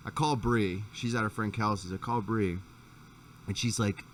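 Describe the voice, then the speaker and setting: A man with a fairly low voice hosts a podcast and rambles through a profane anecdote, restarting his sentences as he goes. He sits a bit back from the microphone, and a faint hum of background noise runs underneath. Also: fairly even intonation, moderate pace, far from the mic. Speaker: podcast host. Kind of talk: casual chat, storytelling.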